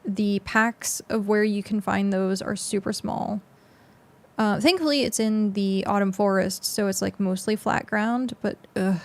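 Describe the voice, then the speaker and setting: A young woman streams a game and talks casually as she plays, rambling with lots of fillers. Her voice is mid-range and gravelly, and she speaks unhurriedly.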